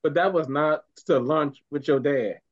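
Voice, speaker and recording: A podcast co-host in casual chat, talking expressively and swooping up in pitch. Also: measured pace. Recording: dull lo-fi sound.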